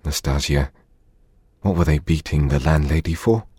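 A man voicing a feverish, frightened young man who asks anxious, pleading questions in a low, husky voice. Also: moderate pace, darkish tone, dry recording, studio quality.

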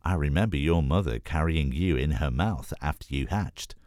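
A man's voice: a bass voice, normal speed, darkish tone, dry recording, studio quality. A man voicing a huge, motherly female hippo queen in a storybook reading. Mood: tender. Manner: affectionate, fussing.

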